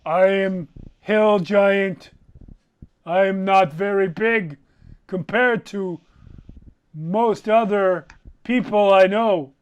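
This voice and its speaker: A man voicing a dim, blunt male hill giant who speaks slowly in broken grammar. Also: high voice, smooth, dull audio. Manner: slow, loud, broken grammar.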